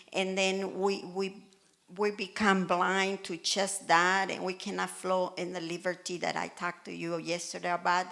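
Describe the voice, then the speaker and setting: Woman pastor preaching in church, gravelly voice, gets animated and acts out little quotes. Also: mid-range voice. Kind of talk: sermon. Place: church hall in Malta. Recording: church service.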